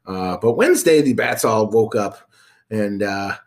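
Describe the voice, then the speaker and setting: Male podcast co-host, relaxed and agreeable, pitch moving up and down a lot. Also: unhurried. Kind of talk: casual sports chat.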